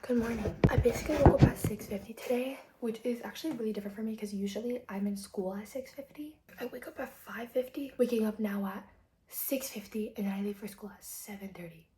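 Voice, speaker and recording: A teenage girl on a casual vlog, gushing and excitable, full of "like", sometimes dropping to a whisper. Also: on the high side, fast talker, noisy background. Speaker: book vlogger. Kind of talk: casual chat.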